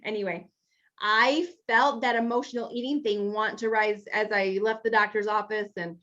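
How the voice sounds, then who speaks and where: A woman's voice: mid-range voice, fairly even intonation, normal speed, pushed and bright, highs cut off. A woman leading a weight-loss group over a video call, chatty and encouraging, talking straight to the group.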